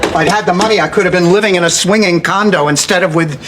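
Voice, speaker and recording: An actress playing a middle-aged, sardonic daughter in a sitcom, with a low, husky, deadpan delivery. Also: female voice, quick pace, close to an everyday voice. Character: sardonic grown daughter, exasperated, quick-tongued. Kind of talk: sitcom acting. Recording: noisy TV audio with studio audience laughter.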